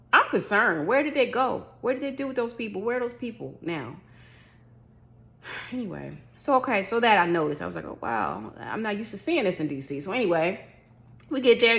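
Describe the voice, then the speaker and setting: A woman vlogger chatting casually about a solo trip, telling the story with lively acted-out reactions. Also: mid-range voice. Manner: animated storytelling, acts out her own past reactions. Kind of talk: casual chat.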